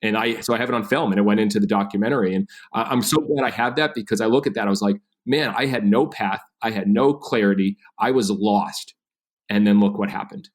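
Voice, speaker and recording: A man's voice: fairly low pitch, fairly quick. A man in his thirties, a podcast guest telling his story with energy and animation. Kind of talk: storytelling interview.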